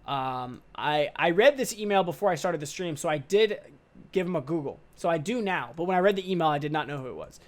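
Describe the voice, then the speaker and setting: Rambling young man, slightly high voice. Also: fairly quick. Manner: rambling, loose and slangy with casual swearing; excitable, upbeat. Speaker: podcast host. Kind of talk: casual podcast monologue.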